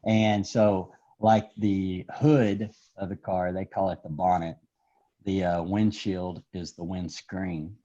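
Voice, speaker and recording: A man's voice: low-pitched, level tone, takes it slowly, warm tone. A man hosting a podcast, chatting casually in a laid-back, musing way. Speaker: podcast host. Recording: dull lo-fi sound.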